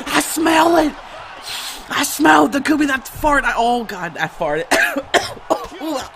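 A man with a very high, lively voice calls out his own match in excited bursts and yelps. He talks at an unhurried pace between the outbursts. A steady hiss of noise sits behind him. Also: creaky. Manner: excitable, yelping, laughing and swearing. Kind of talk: excited let's-play commentary. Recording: noisy background.

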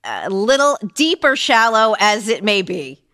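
A woman's voice: medium pitch, sing-song, a little slow, pushed and bright, dry recording, studio quality. A woman on as a podcast guest, chatting in a teasing, wry way. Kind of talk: phone-in podcast chat.

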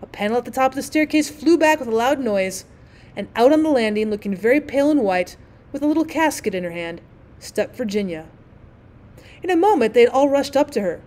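A woman's voice: a little high, expressive, fairly quick, darkish tone. A woman teacher narrating a classic short story as an audiobook, reading steadily and expressively.

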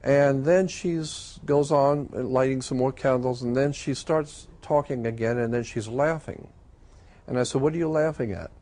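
A man telling a personal story in a casual, conversational way, pausing often with "uh" and "um". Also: medium pitch, fairly even intonation, a little mellow. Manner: conversational, with frequent "uh" and "um" pauses. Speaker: storyteller recounting a personal experience.

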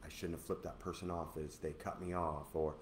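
A man teaching from the Bible in an earnest, animated preaching style. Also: rumbling low, a little fast. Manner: earnest, animated preacher who acts out voices. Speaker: co-host of a church teaching show. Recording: echoey room with faint noise.

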